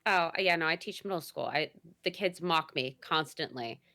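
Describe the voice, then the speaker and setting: A woman chatting casually on a podcast as guest host, animated and giggly, full of fillers. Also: low voice, normal speed. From Italian heritage.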